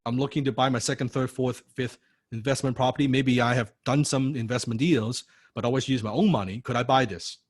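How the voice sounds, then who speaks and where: A course instructor delivers a recorded lecture in a mid-range, husky voice, talking fairly quickly with fairly even intonation. His style is punchy and blunt: he fires off rhetorical questions, tacks "right?" onto each point, and now and then swears for emphasis.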